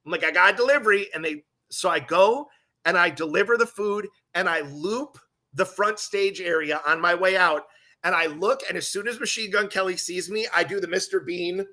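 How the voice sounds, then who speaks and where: A middle-aged man, a podcast host, telling a long story in a casual, profane, animated way. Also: sits high, normal speed.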